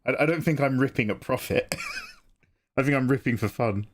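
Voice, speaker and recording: A man's voice: medium pitch, a little fast, a little hiss or hum. A man chatting casually on a live drawing stream, joking and self-mocking. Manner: joking, laughs between lines, self-mocking.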